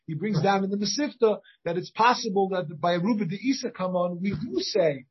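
At a normal speed, a rabbi with a high-pitched, slightly husky voice leads an informal Talmud lesson. He thinks out loud, breaks off and restarts, and keeps asking his students questions. The shared class recording, partly over a video call, sounds dull and lo-fi.

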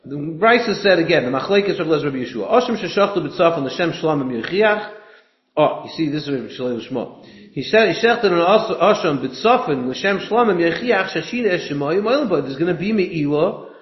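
A man's voice: a little high, lively intonation, brisk. A man, working through a Talmud passage aloud in a study discussion and chanting the text in a singsong. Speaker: study partner. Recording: echoey room, dull lo-fi sound.

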